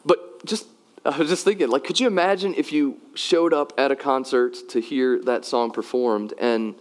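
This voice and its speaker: A man giving a sermon, moving from personal storytelling to loud, emphatic calls to worship. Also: medium pitch. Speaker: pastor.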